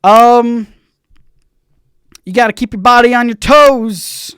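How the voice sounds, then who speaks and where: A man's voice: very high-pitched, clean tone, dry recording, clean studio sound. Rambling man answering chat questions. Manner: rambling, halting, lots of fillers and restarts; swings in loudness, bouncy. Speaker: YouTube channel host. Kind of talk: casual livestream Q&A.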